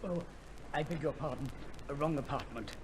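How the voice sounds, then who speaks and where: An actor playing a prim, deferential manservant in an old radio play, fussy and flustered. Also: male voice, a little high, moderate pace, noisy background, lightly acted. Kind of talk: 1950s radio play acting.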